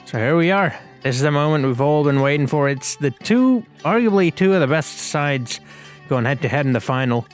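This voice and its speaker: A man's voice: fairly high pitch, expressive, normal speed, faint music behind. A man hosting a gaming video, giving casual play-by-play commentary in a chatty, rambling way with slangy asides.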